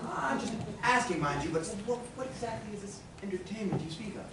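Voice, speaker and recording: A woman playing a prim, easily shocked gentleman on stage, speaking in a stiff and indignant way. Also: mid-range voice, animated, fairly quick, crowd noise, natural voice. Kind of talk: stage play performance. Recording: echoey hall from far off.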